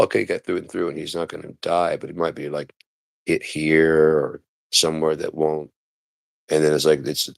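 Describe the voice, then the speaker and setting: A deep-voiced man rants sarcastically on a livestream, his low voice rough with a gravelly fry. He mimics the people he mocks and now and then bursts into a shout. The sound is close and dry, with no room around it. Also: no echo. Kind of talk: live-stream commentary rant.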